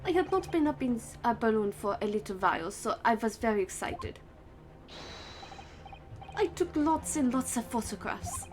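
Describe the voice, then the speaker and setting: Woman voicing an excitable young balloon photographer. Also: a little high, moderate pace, lightly acted. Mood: eager. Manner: indignant, stammering, blames others.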